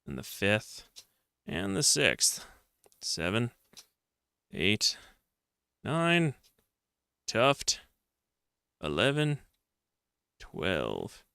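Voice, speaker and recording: A man's voice: fairly low pitch, huge pitch swings, very slow, vocal fry, pauses often, sharp tone, smooth, dry recording. A man streaming a retro adventure game, reading its text aloud and mocking himself with jokey outbursts.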